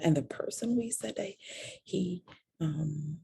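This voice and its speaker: In a vlog, a woman candidly shares her own personal story with viewers, sometimes sinking to a whisper on the painful parts. Her voice is deep, mellow and fried, at a measured pace, with a faint hiss or hum behind it.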